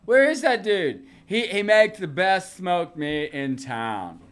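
A man's voice: sits high, sing-song, slow. An Australian man hosting a casual live studio session, rambling and joking, swearing freely. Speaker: host. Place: recording studio.

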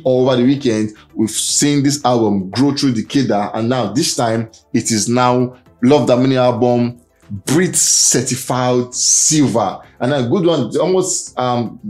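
Brief: young man, casual celebrity news host, mid-pitched, faint music bed. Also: unhurried, a little mellow. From Nigeria. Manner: chatty, reads out fan comments, frequent fillers. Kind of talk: casual entertainment news roundup.

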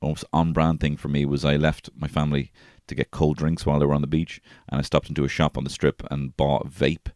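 This man in his thirties, hosting a solo podcast, tells rambling, profanity-laced personal stories and often begins again mid-thought. He talks fairly quickly with few pauses in a level, darkish bass voice, recorded in the studio with no echo.

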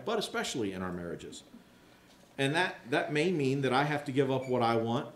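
A man's voice: medium pitch, reverberant, a little hiss or hum. A man preaching a conversational sermon, telling candid, self-mocking stories and acting out the voices of people in them. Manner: candid, self-mocking storyteller who acts out quoted voices. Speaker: pastor. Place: large rented hall used for church services.

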